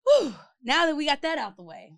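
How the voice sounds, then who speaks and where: A woman's voice: sits high, huge pitch swings, fairly quick, vocal fry, no echo, clean studio sound. A young adult woman hosting a podcast, ranting outspokenly and swearing in casual chat. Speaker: podcast host.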